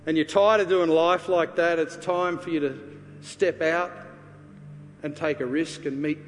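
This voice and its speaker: A man preaching a sermon, earnestly telling a personal story and then leading a quiet prayer. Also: on the high side, fairly even intonation, a little slow, a little hiss or hum. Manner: earnest, confessional, drops to a hushed voice for prayer. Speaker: pastor. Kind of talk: sermon with personal testimony and altar call. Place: church sanctuary. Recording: reverberant church hall with faint ambience.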